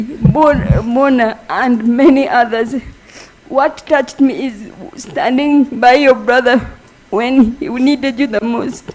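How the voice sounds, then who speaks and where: A woman giving a funeral eulogy for her brother, halting and emotional, speaking softly. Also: high-pitched, poor audio. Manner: halting, emotional, soft-spoken. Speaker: family member giving a eulogy.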